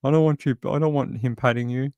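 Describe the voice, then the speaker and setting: A man voicing his pet tomcat as a jumpy, panicky animal that fears loud alarms. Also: fairly even intonation, fast talker, clean tone, dry recording, lightly acted. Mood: jealous. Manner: panicky, high-pitched and breathless.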